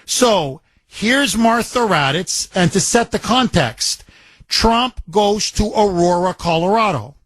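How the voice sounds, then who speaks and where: A man's voice: high voice, lively intonation, slow pace, a bit bright, no echo. A man hosting a talk radio show, delivering an emphatic, combative opinion monologue and repeating words for force. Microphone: studio microphone.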